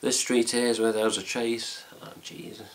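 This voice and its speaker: A man's voice: mid-range voice, flat delivery, normal speed. A man with an English accent chatting casually to camera about a trip, rambling with fillers and mild swearing. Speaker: fan site vlogger. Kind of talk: casual chat.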